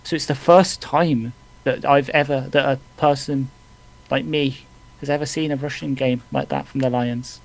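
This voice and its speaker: A man co-hosting a live fan stream, reading out stats in a halting way with fillers. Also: mid-range voice, fairly even intonation, vocal fry. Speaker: fan podcast co-host. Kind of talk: casual live watch-along chat.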